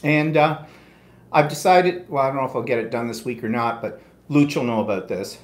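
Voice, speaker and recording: A man's voice: medium pitch, fairly quick. Chatty man rambling in a roomy room. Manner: chatty, rambling storyteller with many asides. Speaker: co-host of a live quilting show. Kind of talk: casual live-stream chat.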